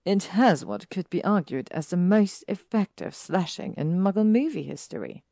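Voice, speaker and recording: A woman's voice: lowish voice, very animated, normal speed, creaky, mellow, no room sound, studio quality, heavily acted. A woman voicing an eager, bookish teenage witch girl, read from a story.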